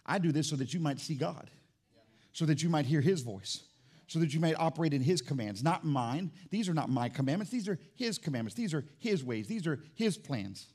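Loud, high-pitched preaching pastor. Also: male voice, lively intonation, brisk, slightly rough. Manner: loud, swinging between shouting and hushed. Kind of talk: sermon. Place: church sanctuary.

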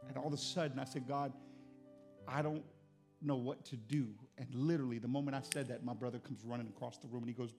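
A man's voice: mid-range voice, steady tone, fast, darkish tone, soft background music. A middle-aged man, a pastor, preaching a sermon with earnest storytelling that rises to impassioned intensity.

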